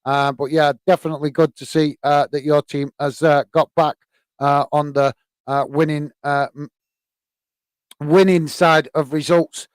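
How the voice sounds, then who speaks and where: Man, relaxed live football commentary. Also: fairly high pitch, measured pace, smooth, dry recording. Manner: hesitant, many fillers, friendly. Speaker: host. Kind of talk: live match commentary and chat.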